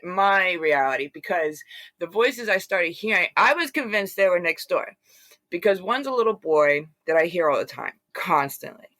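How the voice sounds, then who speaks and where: A woman's voice: fairly low pitch, normal speed, no room sound. A woman guest telling her story in a casual, rambling way, full of fillers and retold quotes. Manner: rambling, animated retelling with many fillers. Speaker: interview guest.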